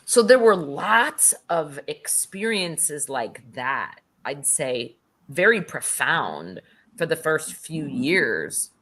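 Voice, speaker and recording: A woman's voice: sits low, sing-song, slow, a bit bright. A middle-aged woman speaking as an interview guest, telling a personal story with casual swearing and acted-out quotes.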